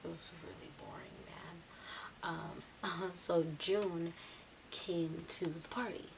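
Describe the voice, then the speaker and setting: A young woman vlogger telling a casual storytime story in a chatty, lively way, acting out what others said. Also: fairly low pitch, slow pace, gravelly. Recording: distant mic with steady hiss.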